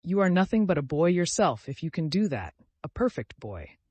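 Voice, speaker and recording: Lively, bossy invalid girl for an audiobook, read by a man, dry close sound. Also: slightly rough, no echo. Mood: imperious. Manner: commanding, quick and high-strung. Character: sickly, capricious teenage girl, imperious and excitable. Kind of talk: audiobook character reading.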